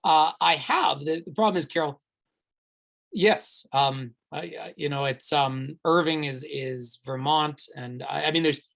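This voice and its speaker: Leading a virtual tour, this man fields live questions from viewers in a rambling, chatty way, full of fillers and restarts, warmly and enthusiastically recommending things. His fairly high voice is a little slow, with vocal fry.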